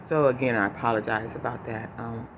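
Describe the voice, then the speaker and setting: A man talks to his viewers, emotional and choking up as he holds back tears. His speech is halting and full of fillers and restarts, at an ordinary pitch for a man. A clear, steady hiss of noise sits behind his voice. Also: lo-fi sound. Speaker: vlogger giving a family update. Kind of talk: unscripted personal update to viewers.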